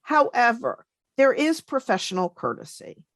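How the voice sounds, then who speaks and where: A woman co-hosting a career podcast, explaining things in a measured, deliberate way. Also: on the high side, lively intonation, no echo. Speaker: podcast co-host, federal careers advisor. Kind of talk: casual chat.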